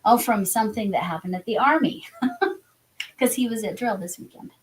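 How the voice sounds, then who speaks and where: A woman's voice: fairly high pitch, normal speed, background noise. A woman hosting a crochet livestream, chatting casually and laughing often. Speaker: crochet vlog host.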